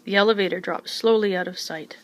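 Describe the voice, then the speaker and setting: A woman reading a children's chapter book aloud in a gentle, even storytelling manner. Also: mid-range voice, a little fast, rough recording. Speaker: reader.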